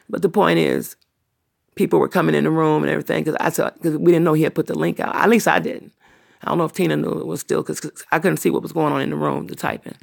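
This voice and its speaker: Her voice sits lowish and creaky as this middle-aged woman, the host of her own livestream channel, rants off the cuff. She talks at length and doesn't hold back, being blunt, profane and long-winded.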